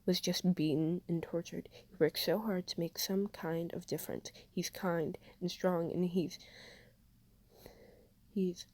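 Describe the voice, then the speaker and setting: A woman's voice: on the low side, fairly even intonation, measured pace, a little mellow. A woman voicing a grieving, fiercely protective middle-aged aunt, tearful and trembling with anger.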